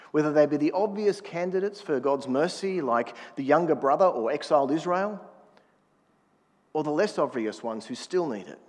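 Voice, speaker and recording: A man's voice: medium pitch, darkish tone, long reverb tail. A man preaching a sermon in a conversational manner, prodding the congregation to answer back. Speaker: pastor.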